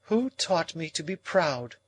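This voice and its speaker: A man voicing a proud young woman who speaks in a calm, measured, reproachful way in an audiobook. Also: a little high, slightly rough, pitched above the performer's own voice, exaggerated voice. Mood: cool.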